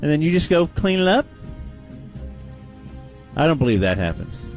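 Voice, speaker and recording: Teasing, lively male co-host. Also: a little high, normal speed, soft background music. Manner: teasing, incredulous. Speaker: radio co-host. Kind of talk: casual radio banter.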